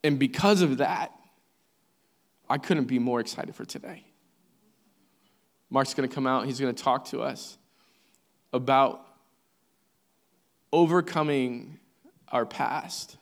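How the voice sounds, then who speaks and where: A man's voice: mid-range voice, takes it slowly, pauses often. A man, the church's pastor, introducing a guest speaker to the congregation, emphatic and enthusiastic, repeating his points for weight. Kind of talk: sermon introduction. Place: church sanctuary.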